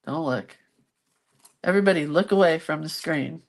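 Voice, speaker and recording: Working on a craft project, a middle-aged woman who makes craft vlogs chats away to her viewers and pokes fun at herself. She speaks at a normal speed, and her voice sits low.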